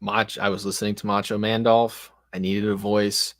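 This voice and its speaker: A man with a lowish voice chats casually as a show host, rambling and poking fun at himself. The sound is close and dry, with no room around it. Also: little pitch movement, moderate pace, a bit bright, no room sound. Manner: rambling, self-deprecating. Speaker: podcast host and game master. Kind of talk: casual chat about tabletop games.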